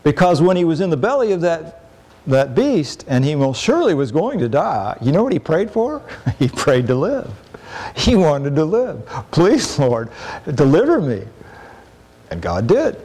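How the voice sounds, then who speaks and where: A middle-aged man preaching a sermon in a conversational way, acting out quoted complaints with sudden rises in pitch. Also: sing-song, normal speed, warm tone.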